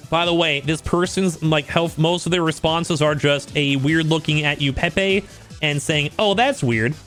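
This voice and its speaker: Male streamer, voice on the higher side, blunt slangy drama commentary, faint music bed. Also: steady tone, normal speed, fairly bright tone. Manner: blunt, slangy, keeps saying dude and like. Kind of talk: casual commentary reading out messages.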